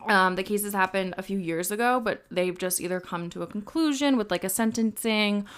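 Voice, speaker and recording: A woman's voice: mid-range voice, normal speed, clear, resonant tone. Chatty young woman podcast host. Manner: chatty, laughs often, swears casually. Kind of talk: casual true-crime chat. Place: New York.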